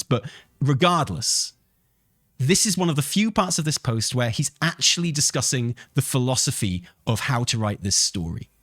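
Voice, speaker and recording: A man's voice: medium pitch, breathy edge, no room sound, studio quality. A man streaming live who reads a post aloud and argues with his chat in a heated, profane way. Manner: profane, heated, argumentative, swings to shouting. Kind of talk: live commentary, reading a post aloud and replying.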